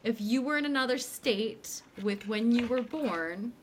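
A young woman with a fairly high voice co-hosts a podcast, speaking a little slowly over slight background noise. She recaps an episode in casual chat, animated as she acts out the characters' lines.

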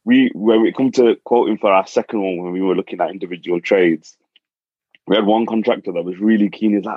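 A man telling a property investor's story in casual chat, repeating words when excited. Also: on the low side, quick pace, no echo, dull audio.

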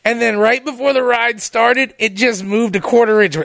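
A high-pitched man with a gravelly edge jokes about himself on a podcast, swearing and talking straight to the listeners. The recording is close and dry. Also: moderate pace, fairly bright tone, dry recording. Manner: profane, self-mocking, addresses listeners. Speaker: podcast co-host. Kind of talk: crude casual storytelling.

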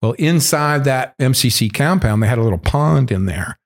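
A man's voice: mid-range voice, lively intonation, normal speed. A man casually telling a long story, candid and full of swearing. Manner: profane, candid and rambling.

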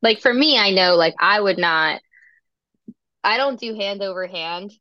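A woman speech-language pathologist in casual podcast chat, an animated storyteller who says "like" often. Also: medium pitch, a little slow, no echo, highs cut off.

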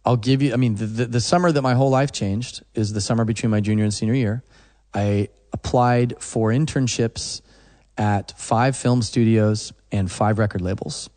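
Man, musician guest, chatty storyteller, middle pitch, lingering reverb. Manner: animated storyteller, acts out phone calls. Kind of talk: casual storytelling in an interview.

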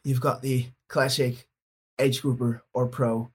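A man co-hosts a casual podcast and recounts his own stories. He sounds laid-back and self-assured at a middling pitch. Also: level tone, measured pace, slightly rough. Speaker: podcast co-host.

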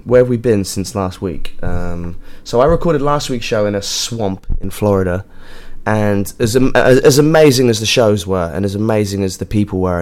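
An English man with a somewhat low voice talks off the cuff as host of his own show. He rambles from one thought to the next, swears freely and fills the gaps with ums and likes. His tone is joking and loose, a one-person chat. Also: a little mellow. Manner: rambling, sweary, jokey, with frequent fillers. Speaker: podcast host and touring musician. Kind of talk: casual monologue. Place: hotel room.

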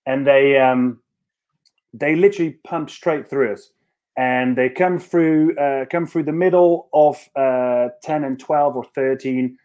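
A man's voice: medium pitch, measured pace, a little mellow. A rugby player on a podcast, telling a story in casual chat with many restarts and fillers and laughing as he goes.

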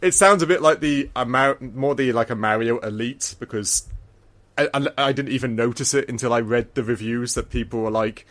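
A man's voice: medium pitch, moderate pace, fairly bright tone. A man co-hosting a podcast in casual chat, rambling with lots of restarts and frequent laughter. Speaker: podcast co-host.

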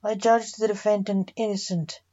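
A woman's voice: mid-range voice, level tone, normal speed, dark tone, dull audio, close to an everyday voice. A woman voicing a stern male judge who speaks formally in court.

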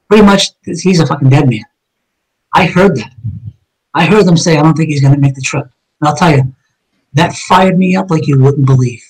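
A man's voice: on the high side, rough recording. A man, a police officer, telling his own story in a conversation, blunt and emphatic with heavy cursing.

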